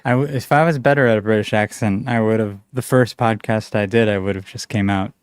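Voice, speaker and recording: A man's voice: lowish voice, steady tone, brisk, clean tone, dry recording, studio quality. A man hosting a podcast, chatting in an easygoing way, with lots of fillers and frequent laughs. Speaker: podcast host. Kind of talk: casual podcast chat.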